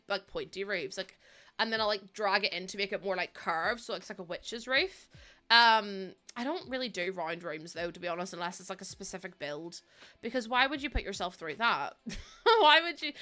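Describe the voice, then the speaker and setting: A young woman chats away on her livestream, giggly and rambling, full of little fillers. Her voice sits a touch high and comes across bright and forward. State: heavily pregnant. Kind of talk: casual chat while building in a game.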